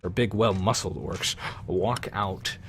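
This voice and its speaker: A man narrating as game master for a tabletop game in a loose, halting way with many fillers. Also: lowish voice, steady tone, a bit bright, a little hiss or hum.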